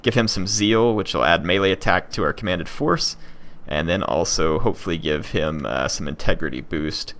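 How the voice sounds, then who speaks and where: A man's voice: sits low, moderate pace, few pauses, fairly bright tone. A young man giving casual let's-play commentary on a strategy game, thinking aloud with many fillers and restarts. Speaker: gaming channel host.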